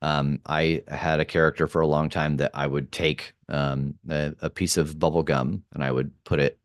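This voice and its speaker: A man's voice: very deep voice, level tone, normal speed, no room sound, studio quality. A man who produces podcasts and acts, talking casually in an interview, thoughtful, with many fillers and restarts.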